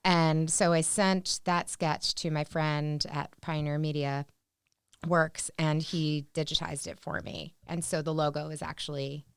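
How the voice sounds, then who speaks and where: A woman with a low, smooth voice talks earnestly as a podcast guest. She pauses often on fillers, and the sound is close and dry. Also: level tone, no echo. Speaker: guest, dog rescue founder. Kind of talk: casual chat.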